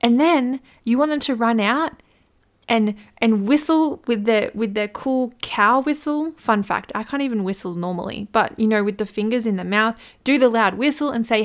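A woman's voice: fairly high pitch, moderate pace. A woman hosting a solo business podcast, chatty and playful, acting out little scenes as she gives advice. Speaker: podcast host, business coach.

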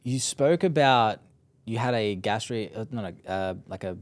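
A man's voice: on the low side, normal speed, no echo. A man hosting a podcast interview, asking questions with hesitations and restarts. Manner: hesitant, restarts questions, short backchannel replies. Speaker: podcast host.

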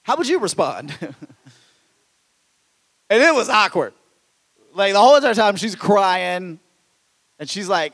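A high-voiced pastor preaches in a church, his words echoing with the long reverb of a large hall. He alternates between loud, animated exclamations and quiet, intimate asides, stumbling over restarts as he presses his point. His pace is a little slow, with frequent pauses.

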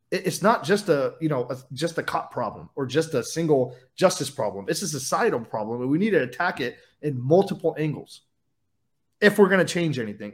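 A man appearing as a podcast guest in casual conversation, speaking bluntly and emphatically and swearing freely. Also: on the high side.

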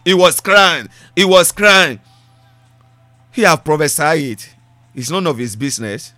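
A man preaches a sermon in a high, bright voice, hammering points home by repeating phrases. His English bends grammar loosely. The sound is dry and close. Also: measured pace, no room sound, faint music behind. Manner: preaching with repetition and rising emphasis.

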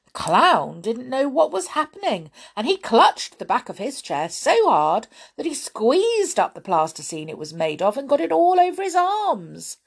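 A woman reading a children's story aloud, expressive and deliberate. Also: high-pitched, creaky, breathy edge. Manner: expressive, lively, slow and deliberate.

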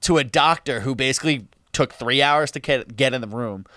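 A man telling a story in casual chat, animated, swearing and laughing often, acting out what others said. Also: mid-range voice, brisk, no room sound, clean studio sound. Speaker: podcast co-host telling a story.

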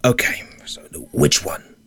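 A man's voice: unhurried, bright, forceful tone. An actor playing a weary male library colleague, dry, patient and skeptical. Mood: wry. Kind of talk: audio drama dialogue.

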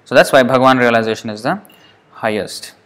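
A man's voice: medium pitch, fairly quick, a bit bright. A man giving a scripture class lecture, reading a passage aloud and then explaining it, often checking in with rhetorical questions. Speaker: scripture teacher.

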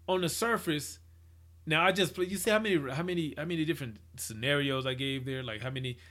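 This man talks a little high and fairly fast, his tone pushed and bright. Reacting to a photo project, he rambles casually, keeps restarting and posing hypotheticals, and voices the people he quotes himself.

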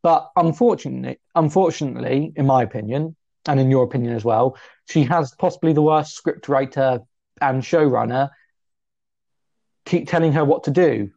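Gravelly young man, chatty co-host. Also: normal speed, lo-fi sound. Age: 20s. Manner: chatty, self-deprecating, lively pitch jumps. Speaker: podcast co-host. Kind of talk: casual chat.

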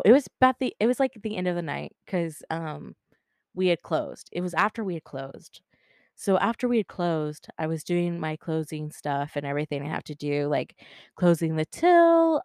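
Brief: woman, lower voice, dry close sound, chatty storyteller who swears and quotes people. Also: gravelly, darkish tone, clean tone, no echo. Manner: chatty, filler-heavy, swears freely; acts out dialogue in quotes. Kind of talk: casual storytelling.

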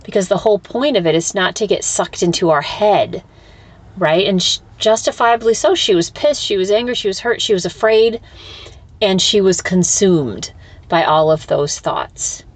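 A woman's voice: medium pitch, animated, moderate pace. A woman hosting a solo spiritual podcast, talking candidly and thinking aloud, swearing freely and restarting her sentences. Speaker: podcast host and spiritual teacher. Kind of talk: reflective solo podcast talk.

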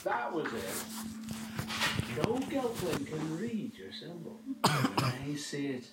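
An ancient, cryptic fantasy-film seer who speaks slowly and ominously. The sound is heard from a distant screen. It echoes through a room full of loud noise. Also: female voice, low voice, very animated, heavily acted. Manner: slow, drawn-out and portentous. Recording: film audio from afar in a noisy room.

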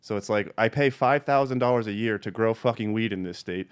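A man's voice: fairly low pitch, brisk, few pauses, clean tone. A man hosting a podcast, a cannabis grower going on a heated, profane rant and swearing constantly. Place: home.

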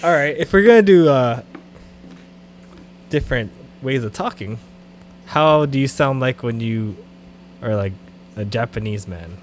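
A man co-hosting a podcast in casual banter, joking and quick to laugh. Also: medium pitch, lively intonation, a little hiss or hum. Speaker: podcast co-host.

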